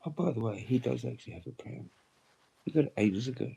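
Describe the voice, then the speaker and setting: A man's voice: medium pitch, quick pace, creaky, warm tone, slightly rough. A young man chatting on a livestream, crude and slangy, often laughing and putting on mock voices. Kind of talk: rambling casual livestream chat.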